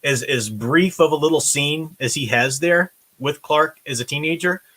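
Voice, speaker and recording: A man's voice: on the high side, moderate pace, fairly bright tone. A man hosting an online commentary, talking in a rambling, earnest way, with many restarts and fillers. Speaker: host. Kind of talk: casual commentary on film and TV.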